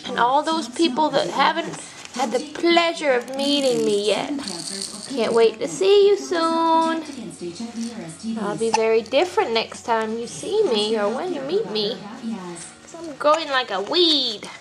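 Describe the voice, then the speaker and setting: A woman's voice: sits high, lively intonation, unhurried, crowd noise. A woman speaking as her newborn baby girl to greet the family, in sweet cooing baby talk, over music.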